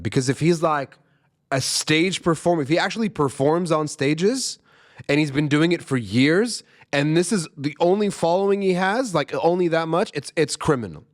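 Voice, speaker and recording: A young man, hosting a music reaction channel and giving casual, emphatic commentary that repeats its points. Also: on the high side. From Arab world. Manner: excited, emphatic, repeats himself.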